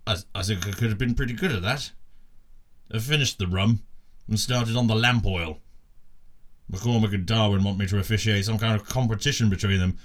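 A man's voice: lowish voice, fairly quick, close to an everyday voice. A man playing a despairing sea captain who rambles through his log entries in a comic audio drama. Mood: unhinged.

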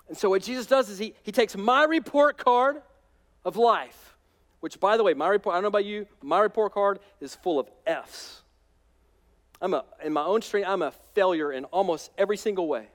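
A man preaching a sermon as pastor, animated, swinging between loud emphatic peaks and hushed asides. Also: high-pitched, in a large hall.

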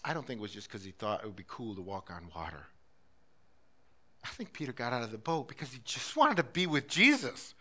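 A middle-aged man preaching a sermon as a pastor, impassioned, swinging between loud urgency and hushed, intimate passages. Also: mid-range voice, big pitch swings, brisk.

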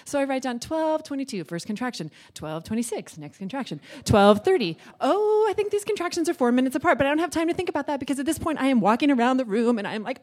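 A woman in her thirties telling a personal story on stage in a chatty, animated way, acting out the dialogue. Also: high voice, fast talker, hardly any pauses.

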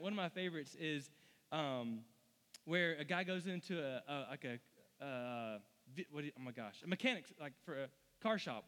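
A man in his thirties preaching to young adults in a chatty, animated way, full of fillers and restarts. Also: a little high. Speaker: college ministry preacher. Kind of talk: sermon with casual storytelling. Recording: long hall reverb.

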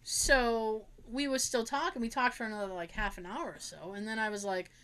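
A woman's voice: a little high, fairly even intonation, fairly quick, a bit bright, clear, resonant tone. A young woman casually telling family stories, acting out relatives' voices, laughing and swearing as she goes. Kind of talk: casual storytelling chat.

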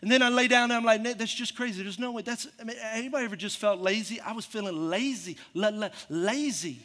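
A middle-aged man preaching a sermon as a pastor. He tells stories with animated delivery and acts out the voices in them. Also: sits high, quick pace. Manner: animated storytelling, acting out voices. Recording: long reverb of a hall.

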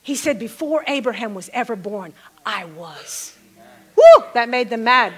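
A woman's voice: a little high, sing-song, a little slow, slightly rough. A middle-aged woman preaching a sermon, calling out to the congregation and repeating phrases for emphasis.

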